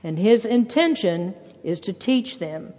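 A preacher delivering a sermon, emphatic, quoting scripture and swinging between loud bursts and hushed passages. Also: mid-range voice, animated, slow pace, big-room sound. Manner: quotes scripture and acts out voices.

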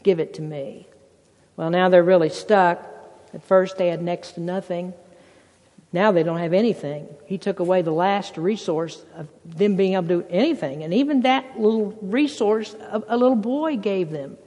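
A preacher delivering a sermon, emphatic, quoting scripture and swinging between loud bursts and hushed passages. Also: medium pitch, moderate pace, in a large hall. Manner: quotes scripture and acts out voices.

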